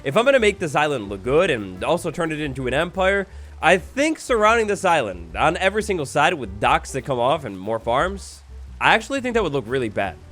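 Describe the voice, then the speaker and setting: A young man doing energetic, jokey commentary over his own game play, with bursts of mock drama. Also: a little high, a little fast, faint music behind. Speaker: gaming YouTuber. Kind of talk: Minecraft let's-play commentary.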